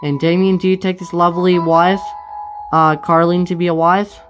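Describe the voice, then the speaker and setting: A woman's voice: lowish voice, fairly even intonation, faint music behind, voice pushed down, close to an everyday voice. A woman voicing a wedding officiant who keeps stumbling over the words of the ceremony. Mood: solemn, fumbling. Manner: halting, loses track of the words. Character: wedding officiant, hesitant and fumbling.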